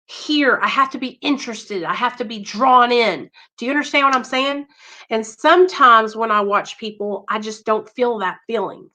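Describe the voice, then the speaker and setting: A woman's voice: a little high, bright, forceful tone, poor audio. A woman chatting casually on a livestream, reading out viewer names and talking earnestly and emphatically. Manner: talks straight to viewers, reads chat names, earnest and emphatic. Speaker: livestream host.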